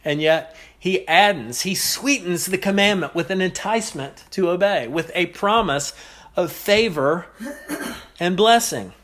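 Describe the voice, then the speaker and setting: A man preaching an expository sermon, teaching in a measured way with pauses and repeated phrases. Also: high-pitched, fairly bright tone.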